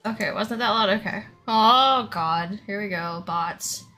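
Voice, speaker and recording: Brief: breathless giggly woman streamer, bright voice, unhurried chatter. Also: mid-range voice, soft background music. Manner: giggly, laughs often between words. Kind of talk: casual livestream chat.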